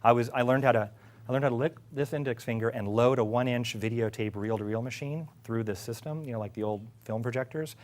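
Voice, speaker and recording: A middle-aged executive tells a casual story in an animated way. He laughs often and acts out the other people's lines. His voice sits at an ordinary mid-range pitch. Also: brisk. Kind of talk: casual anecdote.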